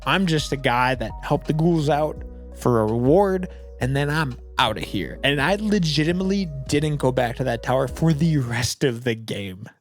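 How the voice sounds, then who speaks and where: A man's voice: medium pitch, expressive, normal speed, faint music behind. A young man giving casual gameplay commentary, rambling and saying "like" a lot. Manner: rambling, heavy use of "like". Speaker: gaming video creator.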